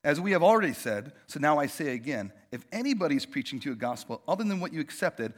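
A man preaching a casual, animated sermon, often checking in with "right?" and "like.". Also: fairly high pitch, fast talker, hardly any pauses. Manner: animated, conversational, tosses in "right?" and "like". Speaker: pastor.

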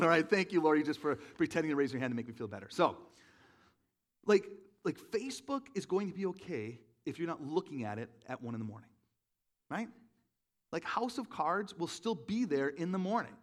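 Rambling, self-mocking male preacher. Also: a little high. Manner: conversational, self-deprecating storytelling with many fillers. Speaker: pastor. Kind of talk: sermon.

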